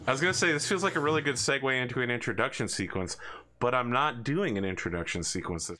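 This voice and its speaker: Gm guy rambling and joking, bright punchy voice, medium pitch. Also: fast talker. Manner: animated, jokey storytelling. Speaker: game master. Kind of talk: tabletop game narration, casual chat.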